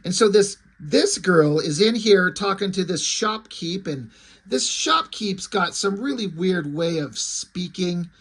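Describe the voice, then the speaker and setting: A man's voice: high voice, animated, takes it slowly, a bit bright, husky. A man giving casual, sarcastic and profane commentary while reviewing a comic book, with a rambling way of talking.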